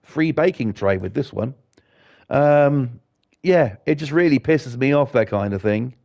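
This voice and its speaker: A man's voice: mid-range voice, lively intonation, unhurried, vocal fry, a little mellow. A middle-aged man giving fired-up, rambling, profanity-heavy commentary while he streams a game. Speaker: gaming streamer. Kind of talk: ranting commentary while gaming.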